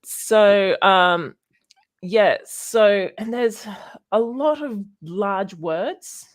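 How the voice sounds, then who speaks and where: A young Australian woman with a mid-range voice speaks very slowly on a casual livestream about science, rambling with many fillers as a streamer.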